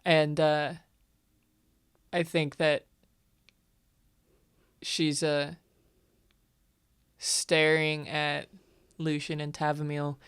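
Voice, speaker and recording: Woman player, tabletop game, hesitant, thinking aloud, low, slow. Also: clear, resonant tone. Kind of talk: tabletop role-play.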